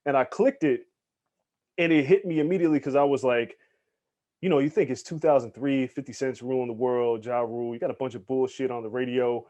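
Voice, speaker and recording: Man, podcast guest, animated storyteller, casual swearing, mid-pitched voice. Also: a little fast, muffled recording. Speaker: guest, hip hop journalist.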